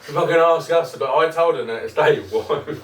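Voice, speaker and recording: A man's voice: a little high, moderate pace. A man co-hosting a podcast, telling rambling, sweary stories in casual chat and laughing often. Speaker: podcast co-host. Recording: roomy, distant mic with faint noise.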